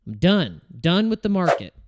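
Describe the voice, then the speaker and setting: A man's voice: high-pitched, very animated, moderate pace, background noise. A man hosting a casual livestream about trading, ranting in frustration, swearing and restarting his sentences. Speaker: crypto trading livestream host.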